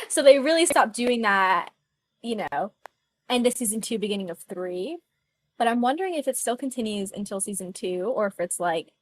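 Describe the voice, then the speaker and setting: A woman's voice: on the high side, very animated, moderate pace, no echo. A woman co-hosting a podcast, chatty and a little hesitant, musing aloud in casual fan chat. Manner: chatty, hesitant, with many fillers. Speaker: podcast co-host.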